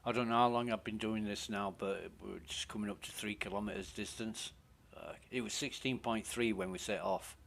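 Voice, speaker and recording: A man's voice: lowish voice, steady tone, moderate pace, vocal fry, a bit bright, slight background noise. A man, chatting casually while streaming a game, rambling and swearing as he talks, often cutting himself off mid-sentence. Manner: rambling, sweary, self-interrupting.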